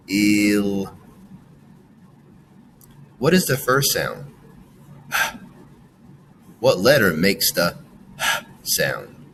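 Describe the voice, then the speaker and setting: Slow, lively male phonics teacher. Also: fairly low pitch, creaky, slight background noise. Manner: slow, sounds words out with exaggerated emphasis. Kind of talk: phonics lesson for children.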